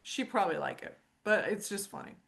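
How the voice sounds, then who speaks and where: A woman's voice: brisk, creaky. A middle-aged woman hosting a casual horse training group call, telling stories and acting out quotes with big jumps in her voice. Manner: animated storyteller, acts out quotes with big pitch jumps.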